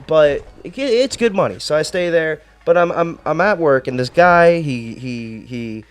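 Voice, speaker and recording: A man's voice: on the high side, expressive, unhurried. A man vlogger telling a work story in a rambling, exasperated rant full of swearing and restarts. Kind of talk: casual ranting storytime.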